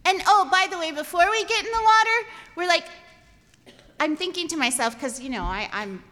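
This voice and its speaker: A woman telling a comic personal story, animated and self-deprecating, with exasperated asides. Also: very high-pitched, a little fast. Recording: long hall reverb.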